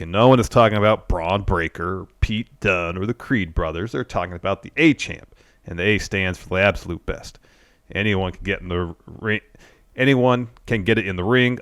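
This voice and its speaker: Man, very low voice, podcast co-host, steady recap, dry sound. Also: no echo. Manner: steady recapping, reads out quotes.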